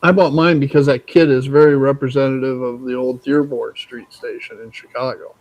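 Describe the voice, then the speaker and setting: An older man hosting a casual live chat, telling folksy stories in an unhurried way with chuckles. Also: mid-range voice, steady tone, darkish tone, no echo, low-quality recording. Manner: slow, folksy storytelling with chuckles. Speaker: host.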